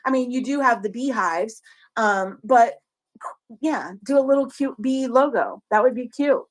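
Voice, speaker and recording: A woman with a Southern US accent chats on a livestream and gives advice to other sellers. Her voice sits a touch high and she takes her time. She repeats herself and restarts her sentences as she goes. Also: a little slow. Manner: rambling, repeats words and restarts. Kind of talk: casual livestream chat.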